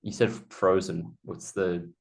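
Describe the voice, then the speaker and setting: A man's voice: low voice, little pitch movement, slow, gravelly. A man, a podcast co-host asking playful, teasing questions. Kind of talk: casual interviewing.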